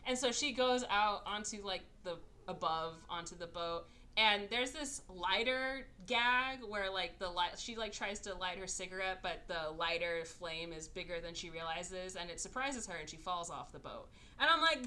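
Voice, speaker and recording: Bright, animated woman recapping a movie. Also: mid-range voice, moderate pace. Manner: animated, sarcastic, acts out characters in exaggerated voices. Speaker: podcast host. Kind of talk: casual movie recap chat.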